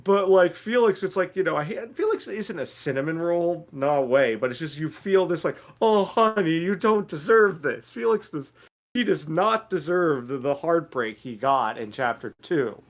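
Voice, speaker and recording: A man's voice: a little high, animated, normal speed. A man co-hosting a casual podcast chat, rambling with lots of fillers and restarts and laughing easily. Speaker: podcast co-host.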